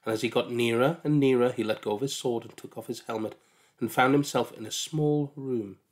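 A man calmly narrating a storybook aloud, with measured delivery. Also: medium pitch.

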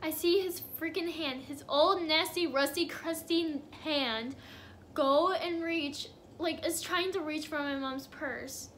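A woman's voice: high voice, slow pace, a bit bright, a little hiss or hum. A young woman telling a casual storytime on her vlog, chatty and giggly with lots of fillers. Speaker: vlogger.

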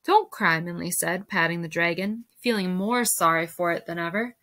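A woman teacher reading a storybook aloud to a class in steady narration. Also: fairly low pitch, moderate pace.

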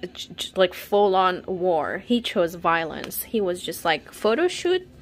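A woman's voice: lowish voice, slow. A young woman chatting casually while unboxing albums, gushing and dramatic, full of laughs and sudden whispers. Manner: gushing and dramatic, lots of "like" and "wow", frequent laughs, drops to whispers. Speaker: K-pop fan vlogger.

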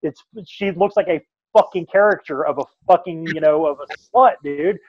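A man's voice: a little high, normal speed, muffled recording. A man co-hosting a podcast, ranting emphatically in casual chat and swearing constantly. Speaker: podcast co-host.

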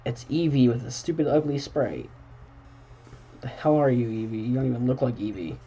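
An excitable young man gives casual let's-play commentary, his pitch leaping up and down as he reacts. His voice is mellow and relaxed even when he scolds the game, with faint game music underneath. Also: normal speed, muffled recording. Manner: excitable, talks back at the game, bursts into exclamations. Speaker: gaming channel host. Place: home room at night.

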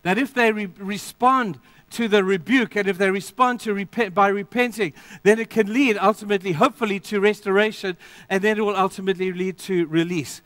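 A man preaching a sermon in a high, light voice. He rises to emphatic declarations and then drops to quiet, intense asides, talking straight to his congregation. The sound is close and dry, with little room around it. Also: fairly even intonation, a little fast, no room sound. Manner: addresses the congregation directly. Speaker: pastor.

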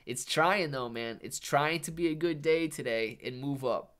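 A man's voice: on the high side, normal speed, fairly bright tone. Chatty man hosting a market livestream. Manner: casual, says "man" often, chatty asides to viewers. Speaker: livestream host reading chat. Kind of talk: casual live market commentary.

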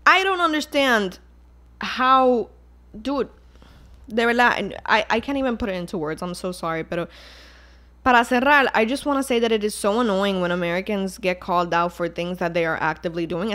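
A woman's voice: medium pitch, moderate pace, fairly bright tone. A young Puerto Rican woman with a Puerto Rican accent, hosting a casual solo podcast in a heated, exasperated tone, swearing and mixing Spanish into her English. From Puerto Rico. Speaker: podcast host.

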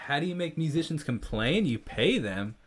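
A man's voice: a little high, very animated, normal speed, slightly rough. A man hosting a casual livestream, reading viewer jokes aloud and trying not to laugh. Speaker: livestream host.

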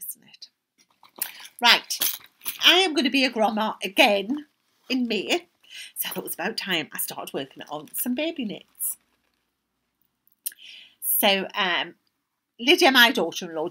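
An older woman with a Geordie accent, hosting a knitting podcast in a chatty, rambling way, often dropping into soft asides. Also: on the low side. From North East England. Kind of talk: casual chat.

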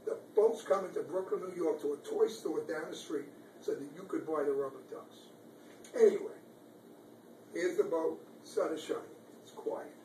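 A man's voice: fairly high pitch, moderate pace, mellow. A man reading a picture book aloud to small children in a preschool classroom, quizzing them and encouraging their answers. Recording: roomy, distant, noisy classroom sound.

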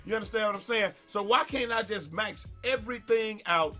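Male gaming YouTuber, fired-up exasperated rant, high-pitched and tense, stumbling over repeats. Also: brisk, hardly any pauses, faint music behind. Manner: animated, exasperated ranting with stammered repeats and swearing.

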